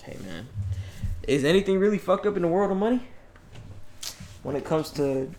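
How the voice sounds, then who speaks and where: A man's voice: high-pitched, expressive, moderate pace, darkish tone, slight background noise. A man co-hosting a casual podcast, laid-back and brief in his replies.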